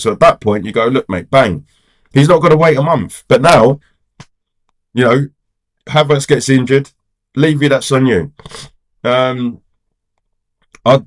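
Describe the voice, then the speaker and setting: Exasperated man ranting about football. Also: medium pitch. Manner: rambling, exasperated, heavy on "you know" and "do you get what I'm saying". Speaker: football fan vlogger. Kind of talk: casual fan rant to camera.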